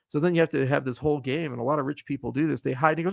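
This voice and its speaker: Brief: very gravelly man, blunt, ranting, profane Q&A host, dry close sound. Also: a little high, rapid-fire, hardly any pauses, dry recording. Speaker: AMA host, venture capitalist. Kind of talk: livestream Q&A, unscripted.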